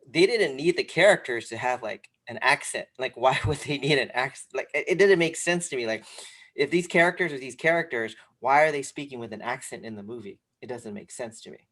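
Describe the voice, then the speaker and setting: Rambling casual man co-hosting. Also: medium pitch. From came to this country when young. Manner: animated, rambling, many fillers. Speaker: podcast co-host. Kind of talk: casual sneaker podcast chat.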